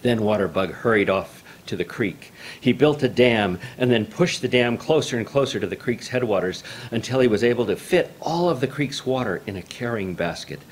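A man reading a traditional folk tale aloud in a measured, formal storytelling manner. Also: medium pitch, expressive, slight background noise.

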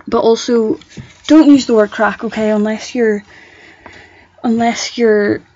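Northern Irish woman podcast co-host, breathy mid-pitched voice, chatty and animated, muffled sound. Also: measured pace, no room sound. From Northern Ireland. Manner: rambling, animated storyteller. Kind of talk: casual chat.

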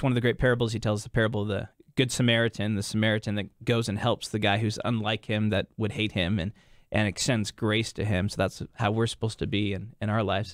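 A man who is a pastor, a guest on a Christian radio talk show, explaining in a conversational way with halting restarts. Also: fairly low pitch, no room sound, clean studio sound.

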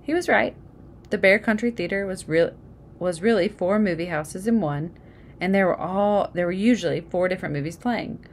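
A woman's voice: medium pitch, moderate pace, slight background noise. A woman reading a children's picture book aloud, adding casual asides about the pictures. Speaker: storybook reader.

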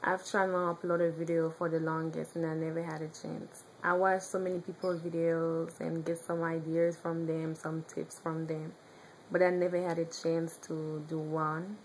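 Haitian-accented young woman vlogger, lowish voice, chatty, stops to find words, faint hiss behind. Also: level tone, rough recording. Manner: chatty, halting, searching for words. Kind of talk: casual chat.

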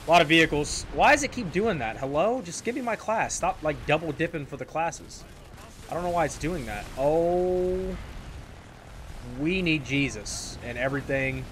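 A man's voice: on the high side, fairly bright tone, slight background noise. A man casually commenting on his own online shooter gameplay, rambling and self-mocking, often repeating himself. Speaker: gaming channel host. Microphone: desk microphone in a squeaky chair. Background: faint game gunfire.

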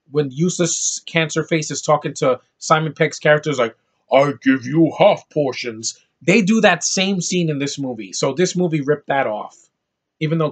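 Man, movie rant, slightly high voice, sarcastic, exasperated, loud outbursts. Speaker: movie reviewer.

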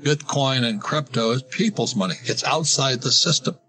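Older male interview guest, bright tone, rambling storyteller with restarts, soft music under. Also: medium pitch, expressive, moderate pace. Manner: rambling, restarts and laughs while telling anecdotes. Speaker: guest, financial author. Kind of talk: casual interview talk.

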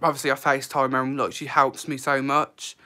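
A man's voice: medium pitch, little pitch movement, fairly quick, bright, forceful tone. A man chatting on a live stream in a casual, emotional way, leaning on "like" and "literally.".

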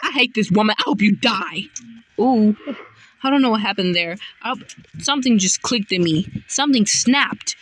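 A woman commentating her own gameplay, excitable, often yelling and laughing at the game. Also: mid-range voice, normal speed. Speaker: gamer. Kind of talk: let's-play gameplay commentary.

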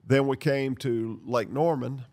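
An older man from North Carolina, hosting a podcast and telling lively stories, acting out the dialogue as he goes. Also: mid-range voice, unhurried. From North Carolina, USA. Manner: lively storyteller who acts out dialogue and laughs. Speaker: podcast host. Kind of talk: storytelling podcast chat.

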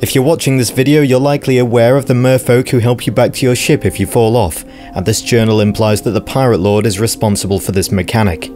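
A man's voice: medium pitch, fairly even intonation, fast, few pauses, darkish tone, soft background music. A man narrating game lore in a casual scripted way, with wry, joking asides.

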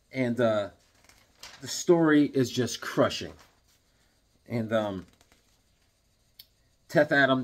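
A man reviewing comics in a casual, excitable, rambling way, full of fillers. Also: mid-range voice.

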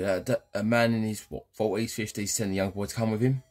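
Male let's-player, low husky voice, cheeky banter to viewers. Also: steady tone, fast talker, hardly any pauses, a little mellow, faint music behind. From England. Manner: cheeky, banter-heavy, keeps addressing viewers. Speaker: gaming channel host. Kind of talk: casual let's-play commentary.

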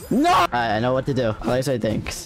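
A streamer giving excitable gaming commentary, yelping, shouting and hyping themselves up. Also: medium pitch, fast talker, over music. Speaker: streamer playing a platform game.

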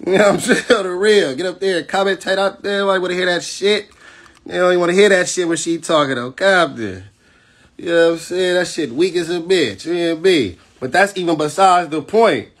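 Socal battle rapper going off on a live, husky and kinda high-pitched, cussing, defiant, keeps saying you know what i'm saying. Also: male voice, brisk, a bit bright. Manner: aggressive, profane, defiant. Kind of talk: heated livestream rant.

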